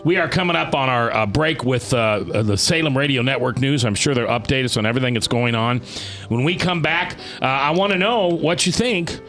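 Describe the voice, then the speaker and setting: A man's voice: mid-range voice, a bit bright, soft background music. A man hosting a talk radio show, chatting casually, rambling and restarting his sentences, stretching words for emphasis. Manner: rambling, restarts often, drawn-out emphatic phrasing.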